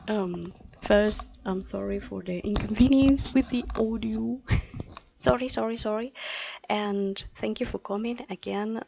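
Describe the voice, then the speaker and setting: A woman whose first language is Spanish teaches a live class, speaking slowly with a gravelly edge. Her talk is flustered and apologetic, full of restarts. She speaks into a desktop microphone at her computer. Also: medium pitch, a little mellow. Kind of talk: live-streamed class, unscripted chat.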